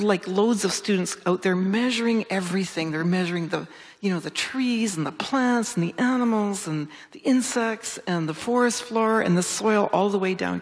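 A woman forest researcher and author answering interview questions with enthusiasm, restarting phrases and jumping up in pitch when excited. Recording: long hall reverb.

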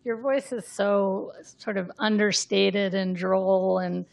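A woman hosts a book conversation in a relaxed, chatty manner. Her voice has a heavy, gravelly fry, and her pitch sits in the middle. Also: slow pace. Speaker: interviewer. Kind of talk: casual chat.

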